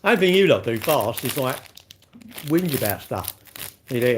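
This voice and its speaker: A man's voice: a little high, expressive, moderate pace, fairly bright tone. An older man, chatting casually on a live stream, blunt and teasing as he answers comments. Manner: blunt, teasing banter with chat. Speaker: livestreamer.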